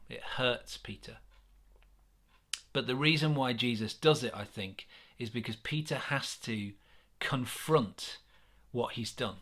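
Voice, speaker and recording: A man with an English accent giving a gentle, earnest sermon reflection, with many pauses and restarts. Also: mid-range voice. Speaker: church minister.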